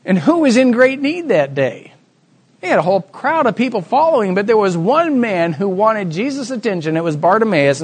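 Preaching a sermon, a man acts out the voices in a Bible story, swinging dramatically from soft to loud. His voice sits high and has a breathy edge.

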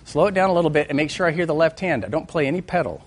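A middle-aged man leads a church music lesson in a fairly high voice. He talks with lively energy, joking with his listeners and breaking into sung and hummed examples to make his point. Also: rapid-fire. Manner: animated, sings and hums examples, jokes with the class. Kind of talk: teaching a class on music and faith.

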